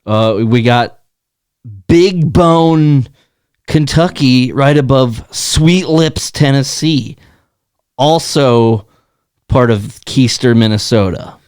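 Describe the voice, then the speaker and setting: A man's voice: medium pitch, slow, a little mellow, clear, resonant tone, dry recording, clean studio sound. A man co-hosting a podcast in casual chat, riffing on crude puns and joking with his partner. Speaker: podcast co-host.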